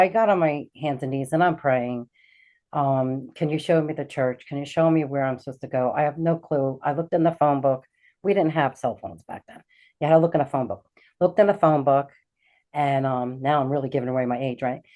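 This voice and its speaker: A middle-aged woman, a guest on a talk show, telling a personal story with animated energy and acting out the lines of the people in it. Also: deep voice. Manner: animated, acts out quoted dialogue. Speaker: guest, intuitive healer.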